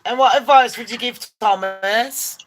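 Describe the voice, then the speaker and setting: A woman's voice: fairly high pitch, normal speed. A woman hosting a casual livestream chat, brash, sweary and gossipy. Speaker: host.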